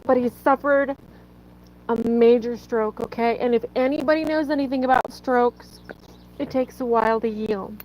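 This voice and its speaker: A woman's voice: a little high, normal speed, a little mellow, slight background noise, low-quality recording. A woman hosting a faith live stream, tearful and fighting back tears as she earnestly pleads with viewers and greets them by name. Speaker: livestream host.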